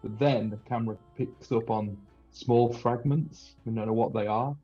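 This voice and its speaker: A man's voice: medium pitch, steady tone, normal speed, dark tone, slightly rough, highs cut off, faint music behind. A man playing a tabletop game, describing his character's actions in a playful, cinematic way. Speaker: player.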